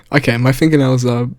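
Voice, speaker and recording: A man's voice: mid-range voice, no room sound, studio quality. A young man in his bedroom, chatting off the cuff and reacting to his own old video, nervous and self-mocking, laughing often. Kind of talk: casual unscripted reaction chat. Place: bedroom floor, indoors.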